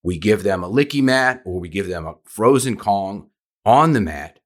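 Low-voiced man hosting a dog podcast. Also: expressive, moderate pace. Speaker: podcast host and dog trainer. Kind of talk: conversational interview.

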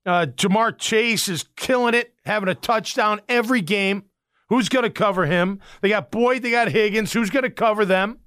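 Casting: male sports podcast host, higher voice, fired-up ranting delivery, dry close recording. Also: moderate pace, smooth, no echo. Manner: animated, exasperated, repeats words. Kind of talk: casual sports rant.

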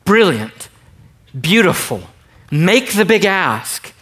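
Pastor, middle-aged man, lively and joking sermon delivery, slightly higher voice than most men, big swings in loudness. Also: slow pace. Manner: animated, joking, swings between quiet emphasis and loud bursts.

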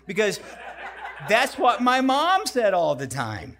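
Male guest preacher, slightly high voice, lively self-deprecating storyteller. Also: takes it slowly. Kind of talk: sermon.

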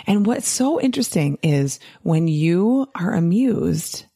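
A woman speaks in a lively, casual monologue, her pitch swinging widely as she makes her points. She keeps checking in with listeners on a rhetorical "right?" and laughs easily. She sounds like someone coaching fellow doctors. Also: slow pace, gravelly, slightly rough. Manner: animated, often tags "right?" and laughs. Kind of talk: casual podcast-style monologue.

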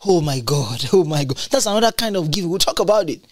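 Preacher mid sermon, repeats everything, pitch jumps all over, dry close mic. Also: expressive, quick pace, dry recording. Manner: emphatic and repetitive, with large swings in pitch.

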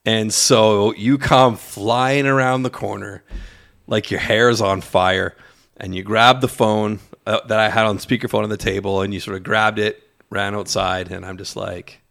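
A man with a low, gravelly voice co-hosts a casual podcast from an office. He tells lively stories and acts out the lines of the people in them. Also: normal speed. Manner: lively storyteller, acts out quotes. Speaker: podcast co-host. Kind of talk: casual chat. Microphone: studio mic in an office.

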